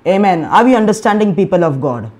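A man's voice: sits high, lively intonation, fast. Preacher, man, emphatic and repetitive. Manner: emphatic preaching, rising loud in bursts, with repeated "Hallelujah" and "Amen"; restarts and repeats words. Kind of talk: sermon.

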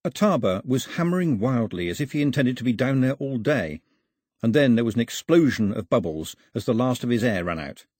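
A man narrates an audiobook in a husky, expressive voice. His pitch rises and falls with the action, and the recording is close and dry. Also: dry recording. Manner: expressive storytelling.

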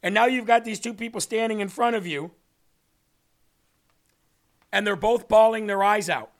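A man's voice: high-pitched, moderate pace. A man hosting a faith show, telling a story in sermon style and acting out the dialogue of its people. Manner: animated, acts out dialogue in a story. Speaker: host and preacher.

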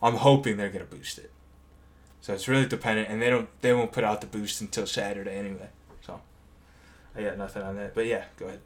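A man's voice: on the low side, steady tone, fast talker. A man in his twenties co-hosting a podcast in casual chat, rambling into tangents and laughing between stories. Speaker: podcast co-host.

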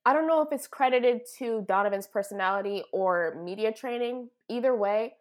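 Animated woman co-hosting sports chat. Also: a little high, normal speed. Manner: animated, dramatic emphasis. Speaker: co-host. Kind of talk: casual sports talk.

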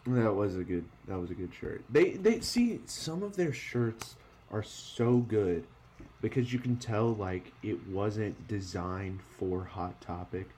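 A young man hosting a podcast in casual chat, animated, swearing a lot and laughing often. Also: on the low side, slow pace, slight background noise. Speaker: podcast host.

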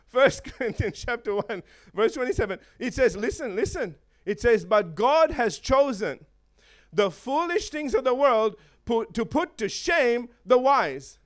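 A man preaching a sermon to a congregation, animated and laughing often, checking in with the listeners. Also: extremely high pitch, a little slow. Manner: animated, laughing, acts out voices of chickens and eagles; asks the congregation for responses.

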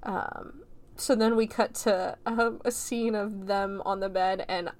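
A woman recaps a film she has just watched in a loose, conversational way. Her talk rambles from one point to the next, full of "like" fillers and casual swearing. Her pitch sits in an ordinary middle range for a woman. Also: fairly even intonation, slow, a little mellow. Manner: chatty, rambling, frequent "like" fillers and profanity. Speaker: film reviewer.

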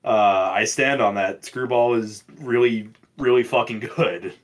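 A young man co-hosting a podcast, chatting casually in a loud, profane, animated way. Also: mid-range voice, a little slow. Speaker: podcast co-host. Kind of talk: casual chat.

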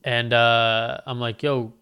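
A man's voice: mid-range voice, fairly even intonation, moderate pace, a bit bright, smooth. A young man telling a casual storytime rant, profane and sarcastic, acting out the people in it.

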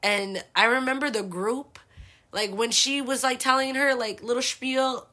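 A young woman from the San Francisco Bay Area hosts a podcast and tells a rambling, profane story packed with "like." Her high voice is pushed and bright, fairly even in intonation, and a little slow.

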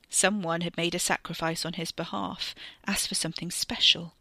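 Bright-voiced woman narrating a story. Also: on the low side, normal speed, vocal fry, few pauses, dry recording. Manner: expressive, tense storytelling. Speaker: reader. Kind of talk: scripted narration of a serial story.

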